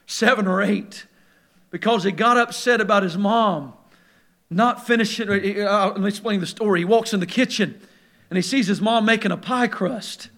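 Male preacher, very high bright voice, sermon with hushed lows and shouted climaxes. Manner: swings from hushed, low passages to loud, shouted peaks; acts out quoted voices in storytelling.

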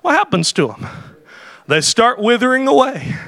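High-voiced, impassioned shouting preacher. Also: male voice, big pitch swings, moderate pace, no room sound. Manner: impassioned, often shouting, frequent "oh" interjections. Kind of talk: sermon.

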